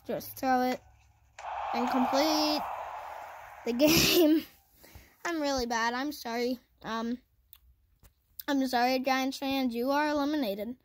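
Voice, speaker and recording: A woman giving casual, self-mocking commentary over her own football video game, cheering in excited bursts. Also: high voice. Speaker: gaming channel host.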